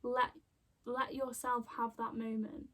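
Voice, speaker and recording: A woman's voice: on the high side, level tone, takes it slowly, bright, forceful tone. A woman giving a casual spiritual card reading, rambling with lots of fillers and heartfelt emotion. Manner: rambling, full of fillers and restarts. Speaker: intuitive card reader. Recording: voice a bit far from the mic.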